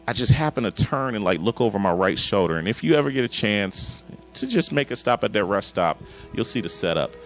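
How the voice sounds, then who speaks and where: A man in his thirties preaching a sermon, telling an emotional personal story and acting out his dialogue with God. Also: fairly low pitch. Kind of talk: sermon testimony.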